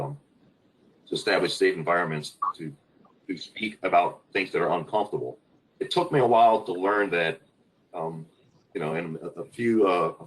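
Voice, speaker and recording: Man, very deep low voice, fire service leader, webinar panel, halting, searching for words. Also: slight background noise, rough recording.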